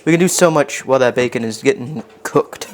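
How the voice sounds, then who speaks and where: A fairly quick, medium-pitched male voice, with a slight hiss or hum in the audio. He's live-streaming from his home kitchen, cooking and chatting loosely with his audience while making self-deprecating jokes.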